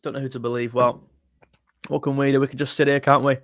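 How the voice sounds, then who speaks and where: A young man hosting a casual fan live stream, excitable and jumpy, talking straight to his chat. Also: medium pitch, fast talker, no room sound, studio quality. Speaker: football fan channel host.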